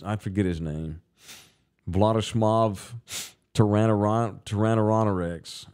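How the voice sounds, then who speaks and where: A man's voice: lowish voice, a little mellow. A man hosting a casual talk show, ranting profanely and with animation.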